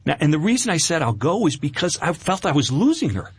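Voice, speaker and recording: A husky middle-aged man tells his own story in an interview. His voice swings widely up and down as he relives the feelings, and he often restarts his sentences. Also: fairly high pitch, fast talker, dry recording. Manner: animated, emotional, with many restarts. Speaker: guest telling his conversion story.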